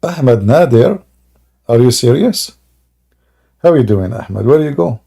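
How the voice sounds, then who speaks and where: A man hosting a live stream with mocking, sarcastic commentary and broken English grammar, often rising into loud taunting exclamations. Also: mid-range voice, expressive, measured pace, gravelly, slightly rough.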